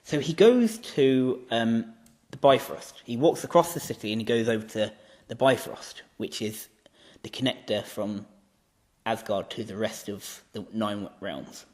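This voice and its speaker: A man's voice: lowish voice, unhurried, a little mellow. A man improvising a fantasy story as co-host, rambling with many restarts and acting out the characters' lines. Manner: rambling, many restarts and "you know"s, acts out quotes.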